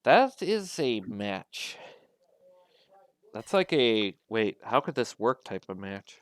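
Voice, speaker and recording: Low-voiced man in casual game commentary. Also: big pitch swings, slow pace, clear, resonant tone, no echo. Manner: rambling, laid-back, full of wrestling trivia.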